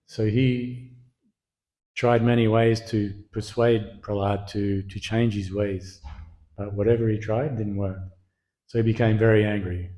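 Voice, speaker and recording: A man giving a scripture class, retelling the story in a relaxed, casual way with many fillers. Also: lowish voice, poor audio. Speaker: class speaker.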